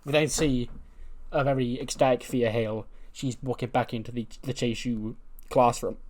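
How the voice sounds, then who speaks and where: A man's voice: medium pitch, fairly even intonation, normal speed, a little mellow. Chatty man commenting on a game. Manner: chatty, laughs, swears casually. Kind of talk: casual let's-play commentary.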